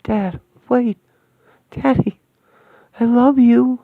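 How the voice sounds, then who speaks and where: A man voicing an earnest, halting young woman heroine in a radio play. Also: on the high side, no echo. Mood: tearful. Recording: thin phone-like, dry sound.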